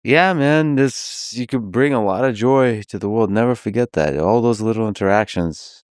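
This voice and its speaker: A man with a very deep, low voice hosts a podcast interview. He speaks calmly and unhurriedly, earnest and plain. The sound is close and dry, from a studio mic. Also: normal speed, clear, resonant tone, dry recording. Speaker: podcast host. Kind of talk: casual interview conversation.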